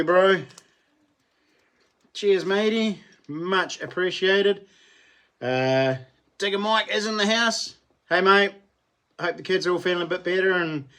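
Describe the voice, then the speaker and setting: Chatty New Zealand man, higher voice. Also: a bit bright. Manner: chatty, thanks viewers by name, laughs often. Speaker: livestream host. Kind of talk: casual livestream chat.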